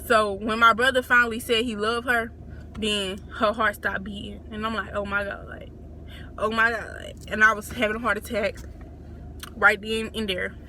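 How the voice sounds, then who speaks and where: A woman's voice: medium pitch, flat delivery, normal speed, pushed and bright, a little hiss or hum. A young woman sharing a family story in a casual storytime, in a plain, matter-of-fact way. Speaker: co-host sister.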